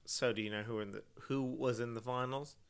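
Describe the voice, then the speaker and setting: A man's voice: medium pitch, steady tone, brisk, clear, resonant tone. A man hosting a casual true-crime podcast, chatty and joking, with many fillers and restarts. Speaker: podcast host.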